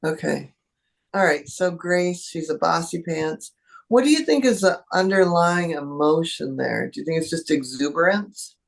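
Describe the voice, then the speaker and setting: A woman guest in an interview, an animal communicator talking in a lively way and acting out what animals think. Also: low-pitched, normal speed, gravelly. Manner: animated, acts out animal thoughts in voices. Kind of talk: conversational interview.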